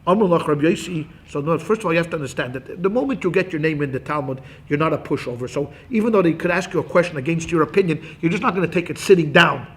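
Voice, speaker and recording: A man teaching a Talmud class as a rabbi, animated and acting out quotes, quick asides to his students. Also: fairly high pitch.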